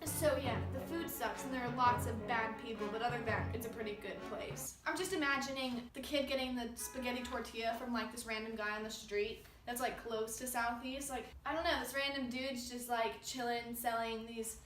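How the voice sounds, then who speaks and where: A woman's voice: a little high, fairly even intonation, fairly quick, hardly any pauses, a bit bright. Giggly chatty teen girl vlogger. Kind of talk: casual vlog commentary. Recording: echoey room, from a distance, faint music.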